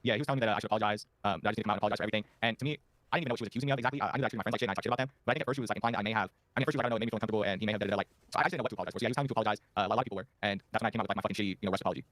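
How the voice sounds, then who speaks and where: Man, low-ish voice, rattles off hesitant apologetic answers at speed. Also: very fast, fairly bright tone, no room sound. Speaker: interview guest. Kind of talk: casual interview answers.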